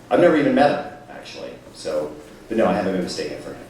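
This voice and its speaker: A man's voice: low-pitched, sing-song. Joking man in an echoey crowded hall. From California-born, raised in North Georgia. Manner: joking, quick-witted, teasing the audience. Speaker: guest answering audience questions. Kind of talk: live audience Q&A. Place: large echoey venue with a live audience. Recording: echoey hall, distant mic, loud crowd.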